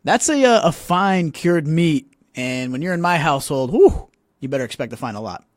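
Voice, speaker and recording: A man in his twenties hosting a casual podcast, talking in an animated way and often repeating words as he starts sentences. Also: a little high, moderate pace, no echo, studio quality. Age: 20s. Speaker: podcast host.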